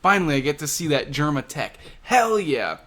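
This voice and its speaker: A man voicing a loud, greedy male villain scientist who whoops with shrill excitement. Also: fairly quick. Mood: giddy.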